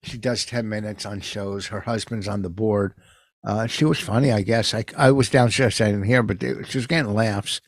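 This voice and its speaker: A man's voice: on the low side, steady tone, moderate pace, no room sound. An older man, a comedian co-hosting a podcast, rambling through meandering stories in casual chat.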